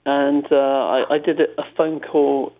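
A man's voice: medium pitch, little pitch movement, a little slow. A British man, a comedy writer, chatting in an interview, telling rambling, self-amused stories with many restarts. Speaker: comedy writer and prank caller. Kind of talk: casual interview chat. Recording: tinny phone-line sound.

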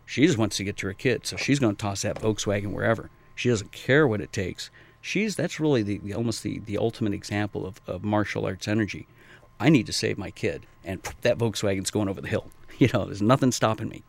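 Middle-aged male trainer, gravelly low voice, loose and meandering in interview. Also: a little fast. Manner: rambling, acts out quoted people in high voices. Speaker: martial arts and fitness trainer. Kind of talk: casual interview answers.

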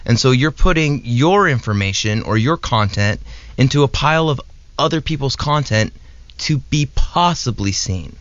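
A man, a knife maker and a guest on the show, explains things in a steady, step-by-step way with a mid-range voice. The sound is dry with no room echo, and slightly dull and lo-fi. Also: medium pitch, moderate pace. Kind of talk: casual explanation.

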